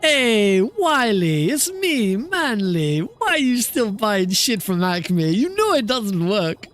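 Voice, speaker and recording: A brash male cartoon coyote, smug about his success, talks down to his hapless cousin in a put-on Mexican accent, voiced by a man. The voice sits well above a normal speaking pitch and comes out loud and swaggering. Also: big pitch swings, slow, full character voice. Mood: cocky.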